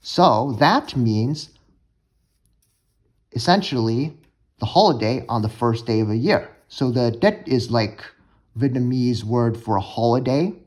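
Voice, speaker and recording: A man's voice: mid-range voice, expressive, unhurried, darkish tone. A young man casually explaining vocabulary and pronunciations in a language-learning lesson, talking with many fillers and restarts. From United States.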